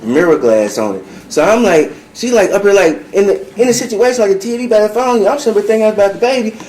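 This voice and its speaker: A man telling a story in an animated, rambling way, acting out what was said with lots of fillers. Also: high voice, quick pace. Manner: acts out quoted dialogue, rambling with many fillers. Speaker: client preparing testimony. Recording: echoey room, faint background noise.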